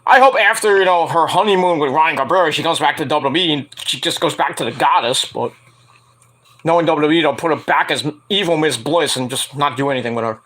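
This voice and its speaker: A man's voice: fairly high pitch, a little fast, a bit bright. A man hosting a casual wrestling news show, rambling and profane, laughing at his own jokes. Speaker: podcast host.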